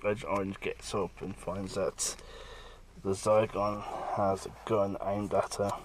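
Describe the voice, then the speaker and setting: A man's voice: on the low side, little pitch movement, measured pace, background noise. A man, a comic artist, rambling casually through his pages and acting out bits of the dialogue.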